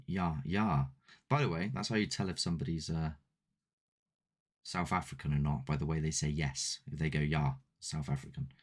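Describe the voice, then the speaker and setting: A man's voice: very deep voice, fairly even intonation, brisk. A man hosting a paranormal channel, chatting casually and a bit ramblingly with his live-stream viewers. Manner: chatty, rambling, self-deprecating. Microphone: desk mic with ring light.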